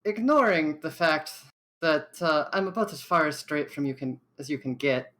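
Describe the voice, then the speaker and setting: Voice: mid-range voice, animated, normal speed, a bit bright. A player at a tabletop game describing their character's actions and asking questions. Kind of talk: in-character tabletop role-play.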